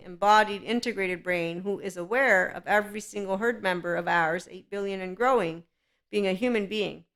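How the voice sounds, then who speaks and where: A woman hosts her own podcast, speaking alone and off the cuff. Her voice is smooth and clear, set at a middle pitch for a woman. She rambles, leans hard on her points, speaks candidly, and keeps checking in with the listener. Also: a bit bright. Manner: rambling, emphatic and candid, with frequent "okay" check-ins. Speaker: podcast host. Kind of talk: unscripted solo podcast monologue.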